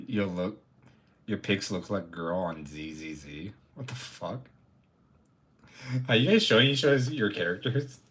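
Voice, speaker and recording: A young man live-streaming, chatting casually with his viewers, rambling, swearing and joking, with sudden loud bursts of mock outrage. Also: low-pitched, animated, measured pace, pauses often.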